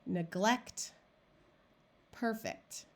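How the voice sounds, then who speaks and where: A woman teaching syllable division to adult learners. She speaks unhurriedly and leaves space between words. Her pitch sits in an ordinary middle range. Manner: slow, deliberate, clear word-by-word modeling. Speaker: reading tutor. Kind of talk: phonics lesson narration.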